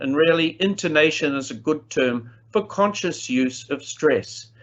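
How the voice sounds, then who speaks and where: A man giving a conference lecture on language teaching, emphatic and playful, with sudden swings in pitch and pace. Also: a bit bright, highs cut off. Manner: playful asides. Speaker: plenary speaker on language teaching.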